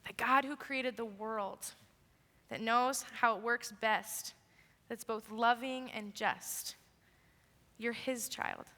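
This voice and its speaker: A woman's voice: fairly high pitch, fairly even intonation, takes it slowly, loud music behind the voice. Earnest young woman preaching in a hall. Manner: earnest, emphatic. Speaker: youth speaker. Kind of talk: youth sermon. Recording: echoey hall.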